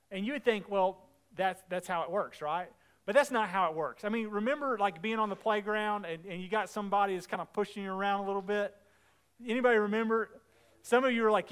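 A man preaching a sermon, retelling scripture in a casual way and acting out the dialogue, getting louder and more emphatic as he goes. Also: high-pitched, moderate pace, clean tone. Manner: conversational preaching, acts out biblical dialogue. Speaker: pastor.

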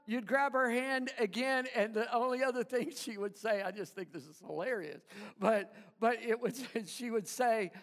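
A man preaching a sermon, telling a story with chuckles and halting restarts. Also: very high voice, creaky, a bit bright, in a large hall. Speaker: pastor.

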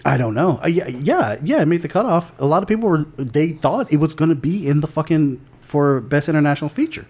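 A man's voice: fairly high pitch, lively intonation, fairly quick, darkish tone. A man co-hosting a podcast, chatting casually and bluntly about film award nominations, with lots of restarts and casual swearing. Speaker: podcast co-host.

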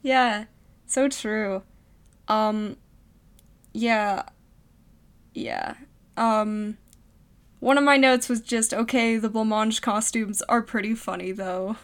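A woman's voice: fairly high pitch, steady tone, slow, pauses often, clear, resonant tone. A woman co-hosting a casual podcast, chatting about comedy sketches, laughing often and trailing off with ums. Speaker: podcast co-host.

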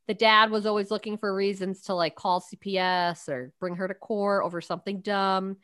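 A woman's voice: medium pitch, level tone, normal speed, fairly bright tone, no room sound. A woman co-hosting a podcast over a video call, telling stories in a chatty way with plenty of ums. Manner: chatty storyteller, lots of ums and uhs. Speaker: podcast co-host.

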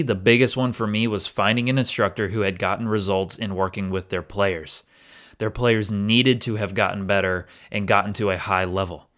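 A man's voice: lowish voice, a bit bright. A man hosting a podcast, earnestly and candidly recounting his own experience in a reflective solo episode. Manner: earnest and candid, with occasional restarts. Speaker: podcast host.

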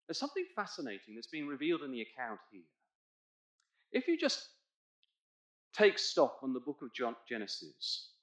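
A male preacher delivers an expository sermon, his fairly high voice swinging widely in pitch. He pushes hard on key points and draws back to quiet asides. The sound rings around a roomy church. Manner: expository, asks congregation to look in their Bibles; emphatic, swells loud on key points. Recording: echoey church hall.

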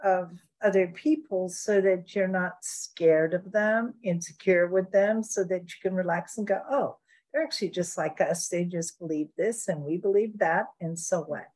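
A woman co-hosts a radio talk show with a somewhat low voice. She muses reflectively and lets her points unfold slowly and gently. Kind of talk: casual radio chat.

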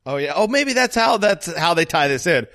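A man's voice: fairly high pitch, big pitch swings, moderate pace, pushed and bright. A man co-hosting a podcast in a casual movie-recap chat, joking, laughing often and acting out lines from the film. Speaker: podcast co-host.

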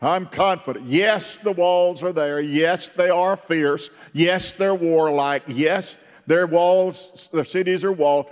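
A man's voice: on the high side, slow pace, few pauses, smooth. A bold young warrior insists his people march forward, pressing every word with raised, ringing conviction, as a preacher acts him out. The voice rolls through a big reverberant hall. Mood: insistent. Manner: insistent, emphatic. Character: bold confident young male warrior, defiant.

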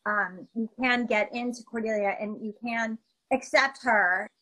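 A middle-aged woman with a fairly high voice chats over a video call. She is animated and self-mocking, and her talk is full of fillers and restarts. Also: unhurried, low-quality recording. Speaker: guest actress. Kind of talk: casual interview chat.

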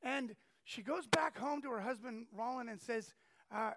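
A man delivers a storytelling sermon in a strikingly high voice with heavy, gravelly fry. He keeps things animated, jumping into the voices of the people in his stories. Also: normal speed. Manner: animated, acts out quoted people. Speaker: preacher.

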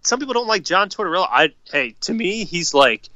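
Fired-up man, bright profane sports talk. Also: high voice, big pitch swings, brisk, dry recording, lo-fi sound. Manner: profane, fired-up hockey opinions. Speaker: podcast co-host. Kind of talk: casual sports chat.

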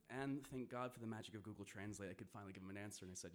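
A man's voice: lowish voice, racing, few pauses, slight background noise. A man telling a vivid first-person story to an audience, swearing and laughing now and then.

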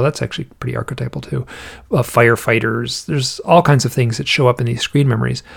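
A man's voice: mid-range voice, gravelly. A man talking as an interview guest, thinking aloud and telling stories in a casual, musing way. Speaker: interview guest, researcher of alien encounter accounts.

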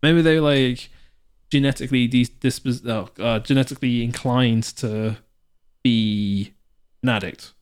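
A man's voice: mid-range voice, steady tone, measured pace, smooth. A man co-hosting a podcast, rambling casually with frequent laughs and restarted words. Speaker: podcast co-host. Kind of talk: casual chat.

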